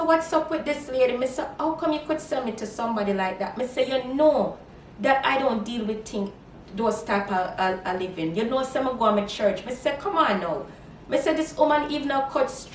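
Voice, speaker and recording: A woman with a higher-pitched voice speaks briskly in a casual storytime vlog, animatedly quoting herself in Creole. The recording has slight background noise, an echoey room and a distant mic.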